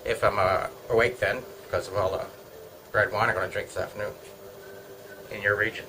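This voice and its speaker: Man, middle-aged, from Canada, bright tense voice, meandering joking chat, faint room hum. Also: on the low side, fairly even intonation, fairly quick, rough recording. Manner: joking, meandering, talks to himself. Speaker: vlogger. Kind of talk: casual rambling chat. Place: home.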